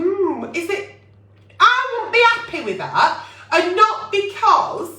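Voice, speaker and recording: A woman's voice: high-pitched, pushed and bright, far from the mic. A woman hosting a late-night advice chat, blunt and sweary, firing off rhetorical questions. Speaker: advice show host. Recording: echoey room, away from mic.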